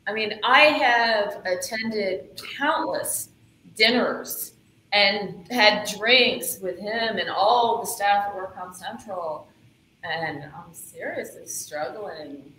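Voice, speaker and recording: A woman's voice: mid-range voice, takes it slowly, bright, forceful tone. A woman speaking hesitantly and wistfully, struggling to recall memories. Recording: echoey room with faint hiss.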